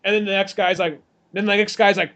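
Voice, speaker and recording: A man co-hosting a podcast, casually retelling a film scene by scene and acting out the characters' lines in rough, swearing voices. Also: high voice, level tone, a little fast, a bit bright. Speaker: podcast co-host. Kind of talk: casual movie chat.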